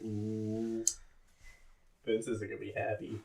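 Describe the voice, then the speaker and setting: A man's voice: fairly low pitch, completely flat delivery, slow, gravelly, a little mellow. A man co-hosting a podcast in casual chat, giggly and tossing in jokey asides. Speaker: podcast co-host. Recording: echoey room.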